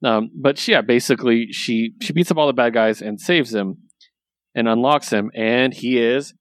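Medium-pitched and moderately paced, this man's voice carries no room sound. He hosts an easygoing talk, retelling stories with real enthusiasm and lots of fillers like um and like.

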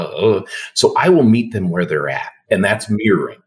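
In relaxed conversation with the host, a guest on a podcast lays out ideas in a calm, soothing, unhurried manner. He is a dentist from Canada with a very low voice.

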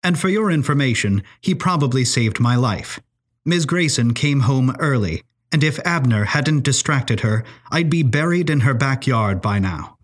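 A man voicing a steely, defiant young girl who speaks firmly and evenly, with a husky voice. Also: medium pitch, moderate pace, close to an everyday voice. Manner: firm, even delivery.

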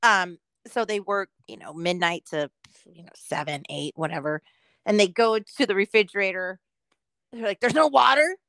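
A woman's voice: lowish voice, normal speed, fairly bright tone, clear, resonant tone, dry recording. A woman co-hosting a podcast in casual chat, venting grumpily about work with frequent swearing and laughter. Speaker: podcast co-host.

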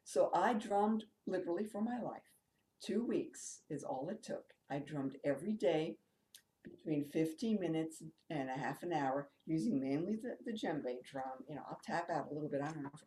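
Low, mellow-voiced middle-aged woman. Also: animated, moderate pace, roomy sound, a little hiss or hum, poor audio. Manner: open and emphatic, with frequent laughs and fillers. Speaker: interview guest, drumming teacher and author. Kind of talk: candid personal storytelling.

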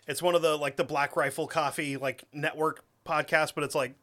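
A man's voice: on the high side, little pitch movement, a little fast, fairly bright tone. A man, co-hosting a podcast, bantering and joking with casual swearing. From New England. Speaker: podcast co-host.

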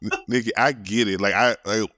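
A man's voice: fairly low pitch, fairly even intonation, a little fast, pushed and bright, no room sound, studio quality. A man hosting a podcast interview, playful and encouraging toward his guest. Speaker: podcast host. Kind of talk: casual interview.

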